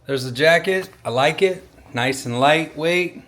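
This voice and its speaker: A man's voice: on the high side, measured pace, fairly bright tone. A man talking casually to camera in a vlog, rambling and folksy, often saying "y'all". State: out of breath while running. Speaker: vlogger.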